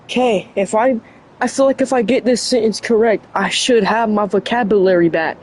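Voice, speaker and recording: A young adult streamer speaks at normal speed in a mid-range voice, with a little hiss or hum in the background. Chatting casually, they trip over words, tease themself, and laugh often between lines.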